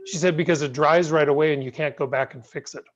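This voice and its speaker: Sanfter Klavierlehrer, gedämpfter Videoanruf. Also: male voice, fairly high pitch, fairly even intonation, fast talker. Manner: gentle, patient, encouraging. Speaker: piano teacher. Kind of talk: online piano masterclass. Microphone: video call. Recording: muffled video call audio.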